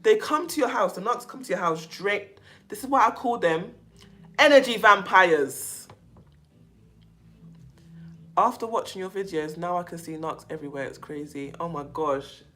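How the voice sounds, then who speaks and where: A woman with a London accent hosting a casual livestream, chatting to viewers and reading their comments, outspoken and animated with frequent laughter and slang. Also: on the low side, normal speed. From England. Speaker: YouTube livestream host.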